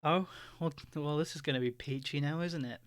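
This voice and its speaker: A man's voice: on the high side, brisk, no room sound, clean studio sound, close to an everyday voice. A man voicing a bitter, furious woman who runs a club, swearing through clenched teeth. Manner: swears, seething.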